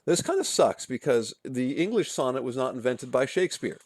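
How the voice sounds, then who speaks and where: A man's voice: medium pitch, very animated, fairly quick, a little mellow, husky, no room sound. A male literature instructor giving a casual recorded lecture, with frequent fillers and restarts, often checking in with "okay?" and "right?". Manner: chants rhythms and rhyme schemes aloud.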